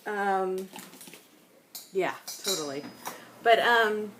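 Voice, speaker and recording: A woman's voice: medium pitch, extremely slow, background noise. A woman chatting casually while she scrapbooks, rambling off on tangents and laughing often. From United States. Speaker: scrapbooking vlogger.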